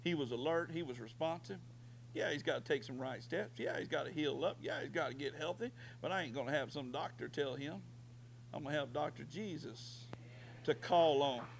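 A middle-aged man preaching a fervent sermon, swinging from quiet stretches to shouting. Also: fairly high pitch, normal speed, gravelly, slight background noise. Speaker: pastor.

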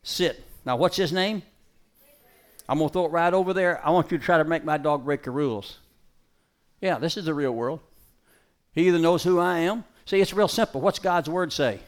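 Folksy man preaching with a dog. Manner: folksy and emphatic, swinging between loud calls and low quiet asides; gives brisk dog commands. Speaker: preacher giving a dog-training demonstration. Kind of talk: live sermon demonstration. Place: stage before a live audience.

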